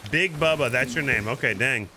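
A man streaming a pirate game, chatting casually and coaching another player with jokey excitement. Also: mid-range voice, normal speed, slight background noise, low-quality recording. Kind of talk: casual gameplay chat.

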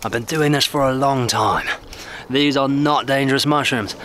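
A man's voice: normal speed, slight background noise, natural voice. A man playing a survivalist TV host in a comedy sketch, putting on a fake British accent as he falls apart on mushrooms. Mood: confident. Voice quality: lively swings from low mumbles to high shrieks. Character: grown man as a survivalist TV host, tripping and unraveling.

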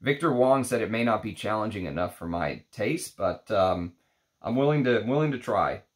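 A man with a fairly low voice talks through an unboxing in a relaxed, rambling way. He thinks aloud as he goes, like a fragrance reviewer chatting to his viewers. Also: moderate pace. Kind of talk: casual unboxing chat.

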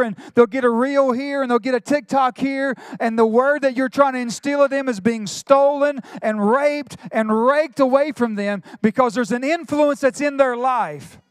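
A middle-aged male pastor, preaching a sermon with quick asides and retold dialogue. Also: very high voice, fairly even intonation, smooth, no echo, studio quality.

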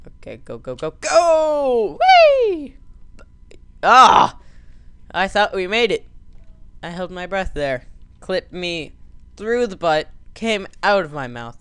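A man's voice: on the high side, fairly bright tone, clean tone, no echo. A man giving goofy, joking commentary over a game he plays as host. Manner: goofy, joking, mock voices. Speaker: let's play host. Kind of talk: gaming commentary.

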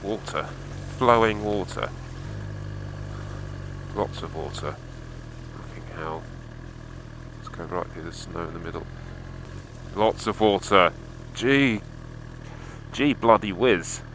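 A man's voice: deep voice, takes it slowly, gravelly, long pauses, a bit bright, slight background noise, poor audio. A man recording a casual video diary while riding a motorbike through snow, giving a running commentary full of swearing and exasperation. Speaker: motorcycle vlogger.

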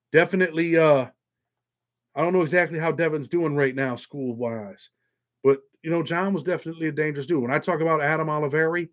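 Male stream host, talks loose and salty off the cuff, voice on the higher side. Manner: rambling, profane, quick asides, reads donations aloud. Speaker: livestream host telling prison stories. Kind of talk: casual live chat with viewers.

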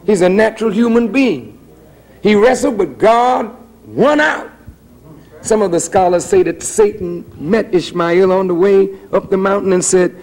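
A middle-aged male minister preaches with a high-pitched voice. His delivery is conversational but dramatic, and he presses each point home with emphasis. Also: unhurried, a little mellow. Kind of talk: preaching a sermon. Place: lecture hall.

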